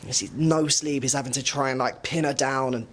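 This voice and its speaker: A man hosting a podcast interview, telling an anecdote in a quick, animated casual way. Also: medium pitch. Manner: fast, animated storytelling. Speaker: podcast host.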